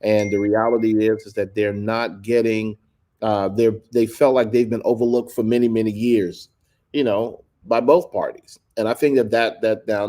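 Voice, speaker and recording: A man speaking as a guest, giving measured commentary in a deliberate, hedging way with many restarts. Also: medium pitch, mellow.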